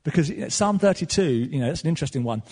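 Man, preacher, sermon, husky, long hall reverb. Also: a little high, racing. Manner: animated preaching, swinging from loud to soft.

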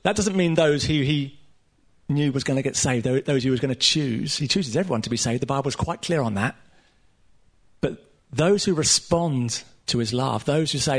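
A man preaching a sermon to a room of listeners, earnest and emphatic, with casual asides and pauses. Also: mid-range voice. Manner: casual asides with light laughter. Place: room with a live audience.

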